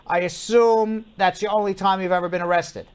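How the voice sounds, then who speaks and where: High-voiced blunt call-in lawyer man. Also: fairly even intonation, brisk, smooth. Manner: blunt, repeats words, firm with callers. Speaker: immigration lawyer hosting a call-in show. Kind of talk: live call-in advice show.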